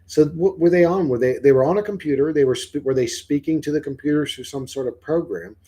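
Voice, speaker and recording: A man's voice: on the high side, quick pace, warm tone, husky. A man livestreaming who rambles, swears freely and keeps firing questions back at his chat in casual talk.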